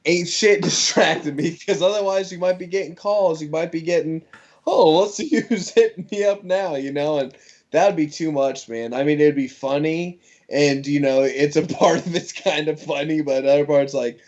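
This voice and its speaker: A man's voice: on the high side, moderate pace, a little mellow. A man chatting casually as a livestream guest, laid-back, laughing often and swearing loosely. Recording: dull lo-fi audio.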